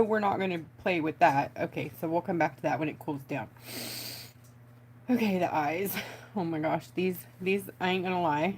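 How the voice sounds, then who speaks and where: A woman's voice: deep voice, darkish tone, a little hiss or hum. A chatty woman, hosting a casual craft livestream from home and talking to her viewers as she works. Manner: chatty, giggly, talks to viewers.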